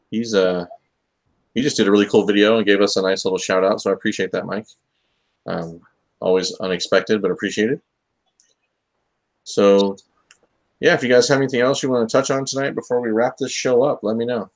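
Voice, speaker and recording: A man's voice: lowish voice, fairly even intonation, normal speed, pauses often. A man hosting a casual comics talk stream, joking and rambling with lots of fillers. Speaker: host of a comics talk show. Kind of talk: casual live-stream chat.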